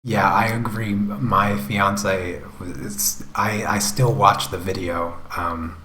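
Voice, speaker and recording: Slow, deep-voiced man, rambling chat. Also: steady tone, pushed and bright, reverberant, slight background noise. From United States. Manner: rambling, halting, with many fillers and restarts. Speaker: art channel host. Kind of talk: casual live-stream chat.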